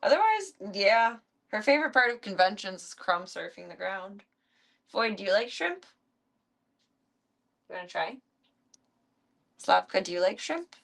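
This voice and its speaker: A young woman chats casually on her stream while feeding her pets, with a gravelly edge to her voice. She keeps up a chatty patter and calls to the animals in a high coaxing tone. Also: very animated, unhurried, long pauses, a bit bright.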